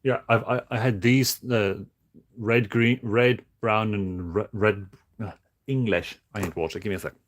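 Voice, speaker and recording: A man streaming casually while building toys, talking in a flat, monotone way with many halting restarts. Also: fairly low pitch. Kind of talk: casual livestream chat.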